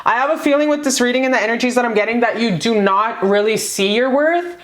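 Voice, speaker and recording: A woman's voice: on the high side, fast, echoey room. A woman giving a casual pick-a-card tarot reading, gushing and profane.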